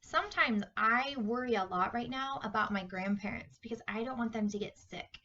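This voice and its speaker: A woman teaching Sunday school, reading a Bible story to children in an animated, questioning way. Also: mid-range voice, recorded from a distance, muffled recording, a little hiss or hum. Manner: animated, questioning, talks to kids directly.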